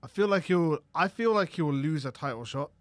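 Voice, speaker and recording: Teasing young podcast co-host. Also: male voice, on the high side, animated, fairly quick, no echo. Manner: teasing, questioning. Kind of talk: casual chat.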